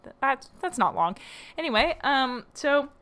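Hosting her own podcast alone, a young woman chats loosely in a high-pitched, expressive, slightly bright voice, taking her time. She jokes at her own expense, leans on frequent fillers, and laughs often between thoughts.

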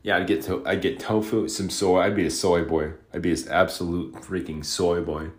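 A man's voice: low voice, little pitch movement, normal speed. A man from Utah ranting alone on a podcast, frustrated and profane, rambling and repeating himself. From Utah, USA. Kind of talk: solo rant.

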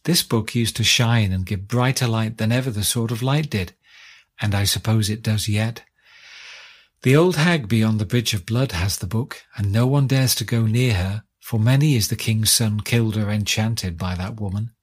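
A man voicing a young king's son who speaks in a measured, solemn way close to his own voice. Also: lowish voice, natural voice. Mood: earnest.

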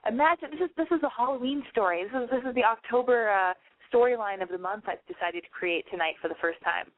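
A woman's voice: on the high side, no room sound. Chatty woman radio host on a thin line. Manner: chatty, rambling, blunt. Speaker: call-in show host. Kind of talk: casual call-in advice and banter. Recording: tinny phone-like line, dry.

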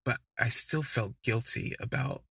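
Male podcast host, gravelly and husky, candid conversational storyteller. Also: medium pitch, unhurried, bright, forceful tone, dry recording. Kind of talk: casual storytelling monologue.

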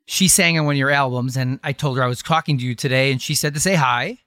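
A man's voice: medium pitch, fairly bright tone, no echo, studio quality. Chatty male podcast co-host. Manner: quick, chatty storyteller who laughs easily. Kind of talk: casual podcast chat.

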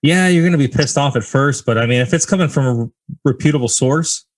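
A man's voice: medium pitch, no echo. A man co-hosting a podcast, talking casually and asking his guest questions. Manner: quick, casual, asks questions. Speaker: podcast co-host.

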